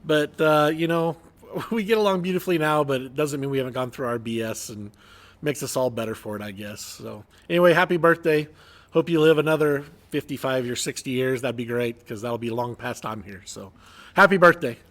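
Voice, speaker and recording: A man's voice: medium pitch, brisk. A man hosting a podcast, telling a story in a rambling way with frequent restarts. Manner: rambling, self-correcting storyteller. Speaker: podcast host. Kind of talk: casual storytelling chat.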